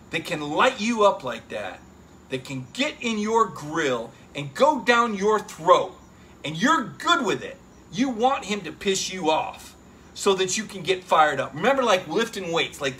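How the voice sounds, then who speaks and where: A middle-aged man hosting a casual sports talk show, animated and emphatic, often turning to listeners with "right?". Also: high voice, a little slow, slight background noise. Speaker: sports reporter and show host.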